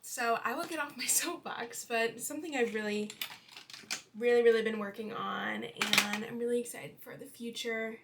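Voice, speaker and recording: A woman's voice: on the high side, background noise. A woman in her twenties chatting casually about her life while doing her makeup, full of fillers. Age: 20s. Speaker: beauty vlogger.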